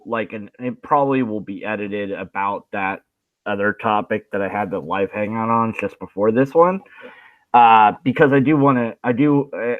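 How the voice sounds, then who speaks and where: A man hosting a casual live group chat, giggling often and talking in halting restarts. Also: mid-range voice, no room sound, narrow, tinny audio. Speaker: host of a live video hangout.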